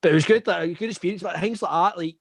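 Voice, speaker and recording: A young Scottish man spins a rambling anecdote to his mates, laughing and swearing as he goes. His voice sits a little high and the sound is dry and close. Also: racing, dry recording. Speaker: podcast host. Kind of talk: casual storytelling chat.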